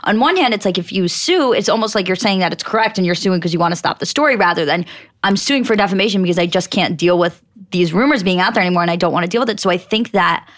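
A woman's voice: lowish voice, lively intonation, quick pace, fairly bright tone. A young adult woman co-hosting a podcast, chatting casually and giving opinions at length. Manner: opinionated, explaining. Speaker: podcast co-host. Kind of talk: casual recap chat.

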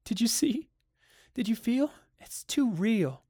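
A man reading aloud and voicing a tense, frightened housewife who speaks high and strained, near tears. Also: lively intonation, normal speed, no room sound, studio quality. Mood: distraught. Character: anxious, tense housewife, adult woman.

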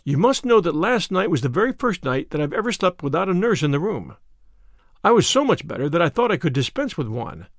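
A man reading the part of a shaken young gentleman recounting a night attack in an audiobook. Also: a little high, sing-song, fairly quick, no echo, studio quality. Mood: anxious.

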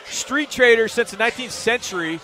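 A man's voice: very high voice, a little fast, bright, forceful tone. A man co-hosting a radio show, chatting casually in a jokey, playful way. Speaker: radio co-host. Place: on location at a bar in London. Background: music.

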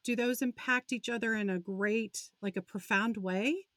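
A woman's voice: a little high, normal speed, a bit bright, no echo, studio quality. A woman in her forties hosting a faith-based interview, speaking in an encouraging, conversational way. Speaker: host.

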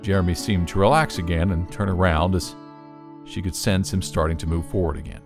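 A man's voice: sits low, brisk, over music. A man narrating a children's story in an audiobook.

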